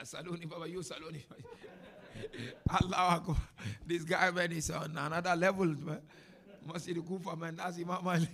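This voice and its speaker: Bright, gravelly-voiced man teaching. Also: fairly high pitch. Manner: animated, chatty teacher with laughs and asides. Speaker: sheikh giving a talk and answering questions. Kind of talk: informal religious lecture with Q&A. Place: mosque hall before an audience.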